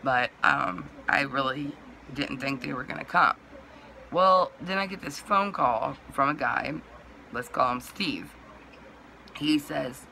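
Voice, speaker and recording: A hoarse woman vlogger telling a rambling story in a chatty way and laughing at herself. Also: a bass voice, slow, sharp tone, slight background noise. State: hoarse, voice going out. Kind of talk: casual storytime vlog.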